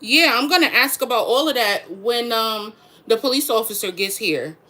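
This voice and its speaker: Frustrated woman with a bright voice. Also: on the high side, animated, normal speed. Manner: frustrated, emphatic, repeats herself. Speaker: mother, vlogger. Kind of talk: venting to camera.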